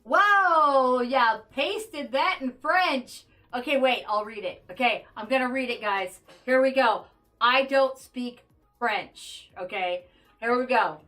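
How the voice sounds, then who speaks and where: A woman's voice: high-pitched, a little slow, sharp tone. Woman chatting to her stream while she plays, jokey and talky, faint music behind. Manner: chatty, joking asides to chat. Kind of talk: casual gameplay livestream chat.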